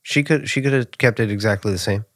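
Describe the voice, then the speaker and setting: A man's voice: lowish voice, quick pace, no echo, clean studio sound. A young man co-hosting a podcast, chatting casually with playful jokes and teasing interjections. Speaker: podcast co-host. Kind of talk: casual chat.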